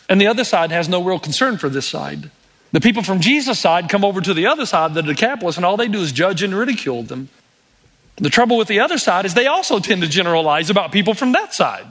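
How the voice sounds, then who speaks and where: A man's voice: high voice, fairly bright tone. A male pastor preaching a sermon, telling stories with acted-out quotes and wry humor.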